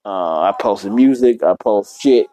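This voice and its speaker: A man's voice: fairly low pitch, lively intonation, unhurried, dark tone, rough recording. A young man hosting his own podcast alone at home, rambling bluntly and swearing constantly in casual talk. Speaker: podcast host. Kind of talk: casual solo podcast rant. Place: apartment room.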